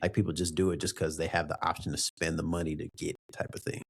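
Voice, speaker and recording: A young man co-hosting a podcast, telling an animated story with plenty of swearing and slang. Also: rumbling low, fast talker, creaky, husky. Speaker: podcast co-host. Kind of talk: casual chat.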